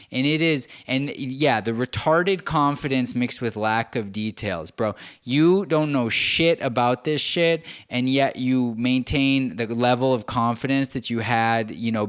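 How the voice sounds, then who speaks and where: A man's voice: medium pitch, fairly bright tone, smooth. A man hosting his own show, ranting in casual, profane, sarcastic commentary and laughing as he talks. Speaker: podcast host.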